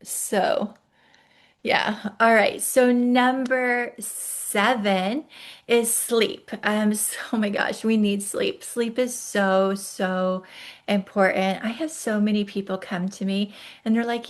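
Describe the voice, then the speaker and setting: A woman's voice: medium pitch, fairly even intonation, slow. A woman in her forties hosting a wellness podcast, talking casually and chatting her way along with frequent ums and restarts. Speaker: podcast host.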